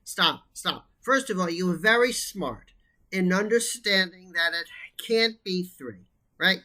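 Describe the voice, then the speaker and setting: A man's voice: sits high, expressive, a little slow, bright, forceful tone. A man co-hosting a math lesson, insistent and emphatic, teasing his brother and urging him to get to the point. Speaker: math tutor co-host. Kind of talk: casual banter about a math problem.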